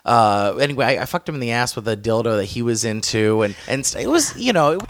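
Candid man, lively pitch, stammering. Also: fast, dry recording. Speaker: comedian guest. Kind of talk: interview.

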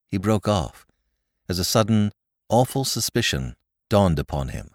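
A man narrating classic fiction in a wry, expressive storytelling manner. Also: deep voice, unhurried, no room sound, studio quality. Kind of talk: audiobook reading of classic fiction.

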